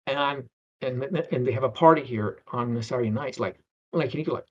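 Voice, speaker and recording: This middle-aged man is an interview guest telling stories, rambling with many restarts and acted-out voices. His medium-pitched voice runs a little fast, and the recording has a dull lo-fi quality.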